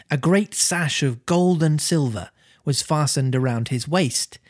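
A podcast host reading a children's classic aloud with expressive, lively delivery. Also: mid-range voice, no echo, clean studio sound. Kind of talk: storybook reading with banter.

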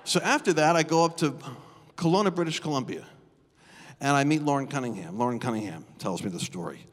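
A man preaching a storytelling sermon live in a church, animated and acting out the voices of people he quotes. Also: mid-range voice, quick pace. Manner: animated, acts out quoted dialogue. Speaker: guest preacher. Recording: long reverb of a church hall.

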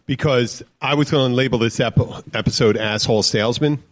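A man's voice: mid-range voice, a little fast. A man hosting a podcast, chatting casually and reacting with short interjections. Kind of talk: casual chat.

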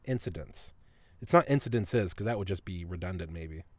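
A man's voice: low voice, animated, a little fast, no room sound. A man hosting a podcast, telling a story in a casual, profane way and laughing often. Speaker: podcast host.

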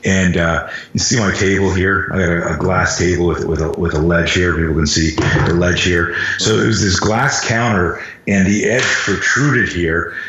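A man's voice: low-pitched, steady tone, normal speed, hardly any pauses, fairly bright tone, a little hiss or hum. A middle-aged man, a self-defense instructor, telling stories in casual, profane talk and acting out sounds and quotes. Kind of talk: casual storytelling in conversation. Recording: roomy, dull lo-fi sound.

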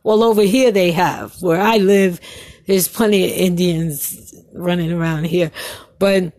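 A woman from Brooklyn leaving a casual voice message, telling an animated family story and laughing often. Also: lowish voice, measured pace, dry recording. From Brooklyn, New York.

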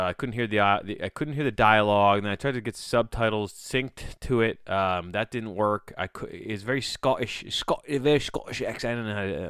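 Man, podcast host, rambling solo monologue, smooth clear tone, dry close recording. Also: lowish voice, a bit bright, no room sound. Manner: rambling, offhand, self-interrupting.

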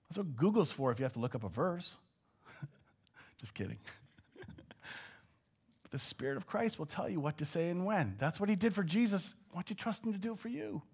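A man preaching a sermon, moving between hushed asides and loud, acted-out shouts. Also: a little high, husky.

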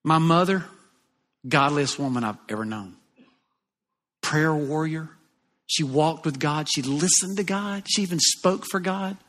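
A man from Alabama with a Southern accent, preaching a sermon in a folksy, animated, jokey way. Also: a little high, a little slow, long pauses. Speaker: pastor. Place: church auditorium. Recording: long reverb of a large church hall.

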